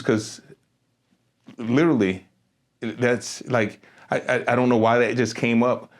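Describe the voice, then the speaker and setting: A middle-aged man hosting a podcast interview, an animated storyteller who laughs often and repeats his words as he talks. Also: medium pitch, slow, long pauses. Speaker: podcast host. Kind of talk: casual interview chat.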